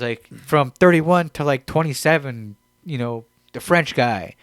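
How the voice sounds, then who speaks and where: A man's voice: medium pitch, normal speed, few pauses, a bit bright, smooth, no echo, studio quality. A man co-hosting a comedy podcast in casual chat, laid-back and rambling, with plenty of fillers. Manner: laid-back, rambling, quotes others in mock voices. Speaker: podcast co-host.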